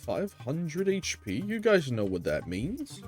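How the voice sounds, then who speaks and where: A man's voice: on the high side, wildly swooping pitch, slow pace, darkish tone, faint music behind. A man giving casual commentary while playing a game, chatty with muttered asides, on a desk microphone. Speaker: gamer.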